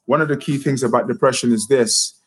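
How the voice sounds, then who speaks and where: A man's voice: medium pitch, steady tone, brisk, breathy edge, soft background music, poor audio. A man, a motivational speaker and youth coach, hosting a live stream talk, upbeat and repeating phrases as he addresses viewers directly. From United Kingdom.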